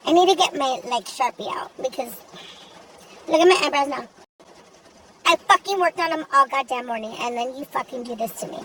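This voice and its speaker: A young woman voicing a sassy, foul-mouthed young woman in an animated gacha video, ranting in an exasperated, profane way. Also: high voice, normal speed, long pauses, far from the mic, slight background noise. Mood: irritated. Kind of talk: comedic rant monologue.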